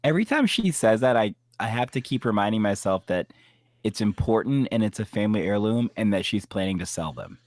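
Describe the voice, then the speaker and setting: A man co-hosting a podcast in a casual chat about a TV episode, playful and chatty and quick to laugh. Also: on the low side, very animated, no echo. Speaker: podcast co-host.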